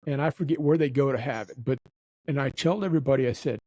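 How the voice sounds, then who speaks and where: A man's voice: mid-range voice, quick pace, warm tone, dry recording, rough recording. A man telling a long story in casual chat, acting out the people he quotes. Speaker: nightclub manager telling stories.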